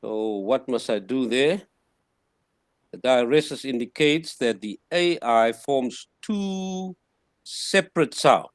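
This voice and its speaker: A man teaching a classroom lesson, sounding out words slowly syllable by syllable and repeating them. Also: mid-range voice, lively intonation, no room sound, studio quality.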